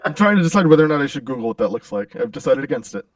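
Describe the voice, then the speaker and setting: A young man chatting before a tabletop game, joking and swearing in an animated way. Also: a little high, racing, crowd noise. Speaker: player. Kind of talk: casual pre-show chat.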